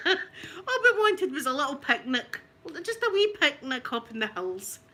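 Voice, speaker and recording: Scottish woman, high bright voice, swoops up and down, chatty anecdote, laughs a lot. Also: slow pace. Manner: animated, laughs often, dialect grammar. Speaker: ASMR channel host telling a family story. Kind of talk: casual storytelling.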